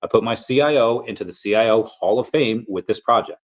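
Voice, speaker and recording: A man's voice: fairly low pitch, fairly quick, lo-fi sound. A man hosting a casual stream, telling stories in a rambling way with frequent restarts and fillers. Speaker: crypto collectibles vlogger. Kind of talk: casual livestream chat.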